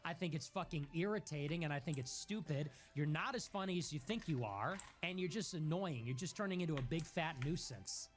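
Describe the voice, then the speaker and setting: A man hosting a casual livestream talks in a fairly high voice that swings up and down a lot. He rants with plenty of profanity and an animated, lively delivery. Music plays clearly in the background. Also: fairly quick, few pauses. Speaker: livestream host.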